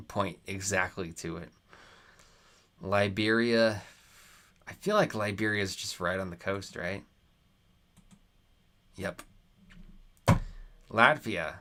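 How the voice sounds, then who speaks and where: A man's voice: lowish voice, bright, forceful tone. A young American man from Nevada chatting casually on a live stream, reading viewer comments aloud and arguing with them, swearing when he gets annoyed. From United States. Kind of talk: casual live-stream chat while playing a geography quiz.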